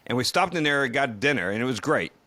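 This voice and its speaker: A man telling a camping story in casual podcast chat, relaxed and full of fillers. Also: medium pitch, no echo. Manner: relaxed, filler-heavy, quick asides. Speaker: podcast co-host.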